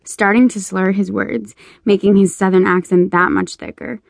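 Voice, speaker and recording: A woman narrating a romance audiobook in the first person, with measured storytelling. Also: medium pitch, flat delivery, creaky, no room sound.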